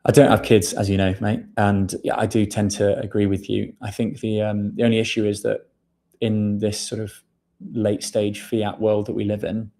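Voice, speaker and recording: A man's voice: lowish voice, flat delivery, moderate pace, dark tone. A man hosting a casual livestream, chatting loosely and calling viewers mate. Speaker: livestream host. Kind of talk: casual livestream chat reading viewer questions.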